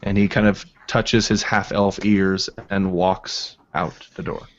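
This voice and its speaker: A man's voice: deep voice, little pitch movement, slow. A man playing a tabletop game, casually describing what his character does. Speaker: player. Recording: dull lo-fi recording.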